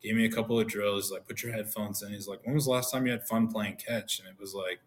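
Low-voiced man telling stories on a podcast. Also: quick pace. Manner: animated, acts out quoted dialogue. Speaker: podcast guest, former pro pitcher. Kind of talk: casual storytelling.

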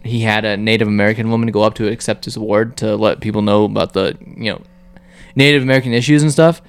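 A man's voice: fairly low pitch, steady tone, quick pace, creaky, clear, resonant tone. A man co-hosting a casual podcast, rambling with fillers and crude remarks. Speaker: podcast co-host.

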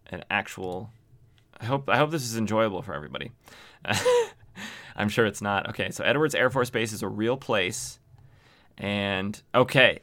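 A man's voice: medium pitch, a bit bright, smooth. A man hosting a podcast, recapping a comic in a rambling, self-mocking way while he thinks aloud. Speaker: podcast host. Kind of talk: casual comic book recap.

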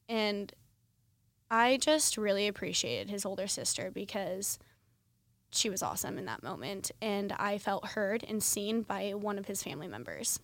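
A woman's voice: medium pitch, sing-song, normal speed, no room sound. A young woman in her twenties hosting a podcast, telling a personal story in a candid, conversational way with lots of fillers. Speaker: podcast host.

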